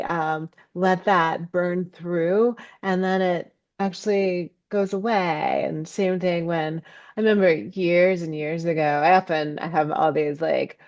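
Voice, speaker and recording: A low-voiced woman talks slowly as a podcast guest, pausing often with ums as she searches for words. She brightens when she acts out her own inner thoughts. The sound is muffled, lo-fi and completely dry. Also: fairly even intonation, no echo. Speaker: guest, ecopsychology scholar and author. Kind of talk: reflective podcast interview talk.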